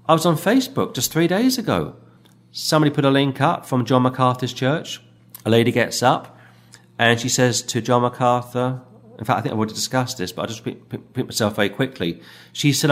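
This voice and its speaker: A man preaching an expository sermon in an earnest, animated way, acting out the voices he quotes. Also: lowish voice, moderate pace.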